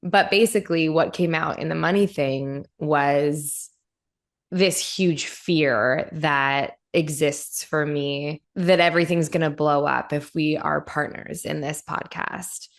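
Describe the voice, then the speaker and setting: A woman podcast host talks in a loose, candid chat, pitched a little low for a woman. She rambles freely and fills her talk with "like.". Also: steady tone, slow pace, gravelly. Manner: candid, rambling, says "like" often. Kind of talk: casual chat.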